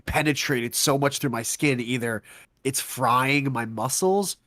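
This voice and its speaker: A man's voice: medium pitch, measured pace, no room sound. Young male podcast co-host, casual storyteller, acts out dialogue, dry close mic. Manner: animated storyteller acting out quotes, swearing.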